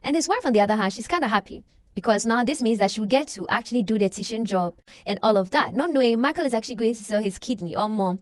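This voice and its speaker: A woman's voice: a little high, lively intonation, quick pace, no echo, clean studio sound. A young woman, casually recapping a movie and acting out the characters' lines. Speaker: movie reaction vlogger.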